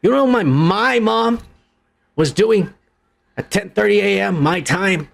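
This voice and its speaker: A man's voice: sits high, expressive, a little slow, creaky. A man from Texas hosting a podcast, ranting in crude, mocking, profanity-laced commentary. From Texas, USA. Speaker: podcast host.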